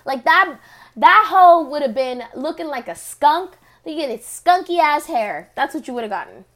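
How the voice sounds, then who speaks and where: A woman's voice: high-pitched, lively intonation, moderate pace, fairly bright tone. A woman in her thirties co-hosting a podcast, ranting emphatically with frequent swearing in casual chat. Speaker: podcast co-host. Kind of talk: casual chat recapping a TV episode.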